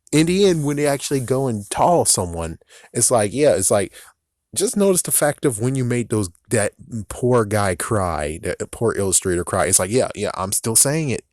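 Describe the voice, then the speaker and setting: This video game commentator, a young man with a medium-pitched, darkish voice, delivers a studio-quality rant with no echo. He curses angrily and imitates the fans he's targeting in mocking quoted voices.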